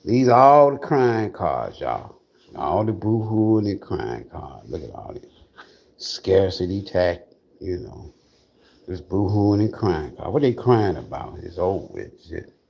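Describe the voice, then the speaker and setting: A man's voice: sits low, big pitch swings, takes it slowly, creaky, a little mellow, dull audio. A man giving a casual livestream tarot reading in a blunt, profane, mocking way. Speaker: tarot reader.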